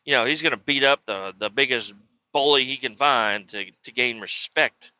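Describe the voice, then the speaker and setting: Guy rambling thru a cussing story, bright sharp voice, dry lo-fi mic. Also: mid-range voice, normal speed, no room sound. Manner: profane, rambling, animated when quoting. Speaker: podcast host. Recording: dull lo-fi recording.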